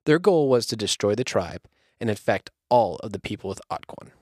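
A man's voice: lowish voice, expressive, brisk, a little mellow, no echo, clean studio sound. A man hosting a podcast, casually reading a spooky story aloud between profane jokes. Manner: profane, jokey, reads aloud. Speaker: podcast host.

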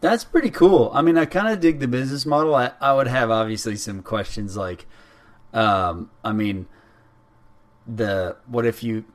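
A man chatting casually, relaxed, thinking aloud with fillers. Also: mid-range voice, normal speed. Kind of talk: casual podcast chat.

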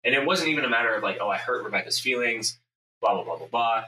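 A man's voice: mid-range voice, lively intonation, fast talker, bright, forceful tone. A man telling a story in casual podcast chat, intense and profane, acting out his own inner voice. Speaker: podcast host, business owner. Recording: echoey room, mic at a distance, faint ambient noise.

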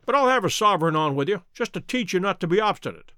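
A composed, cunning detective who baits his mark with calm, offhand remarks, as a male narrator plays him. The voice is fairly high and lively in its pitch turns. The sound is close and dry. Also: fast talker, dry recording. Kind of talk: audiobook character reading.

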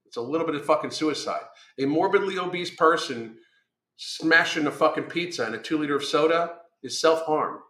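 A man's voice: fairly high pitch, brisk, pushed and bright, reverberant. A man who is a weight-loss coach, delivering a blunt, combative monologue full of swearing. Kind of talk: profane ranting monologue.

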